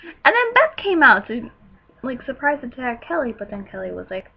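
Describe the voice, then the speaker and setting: A teenage girl recapping a wrestling show in a casual, gushing way, breaking into loud excited outbursts. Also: on the high side, moderate pace, gravelly, slightly rough, dull audio. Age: teens.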